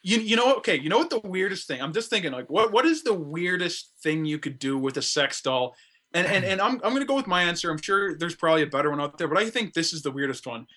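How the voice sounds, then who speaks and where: A man hosting a podcast, talking crudely and excitably in casual chat, slipping into silly voices. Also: high voice, fast. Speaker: podcast host.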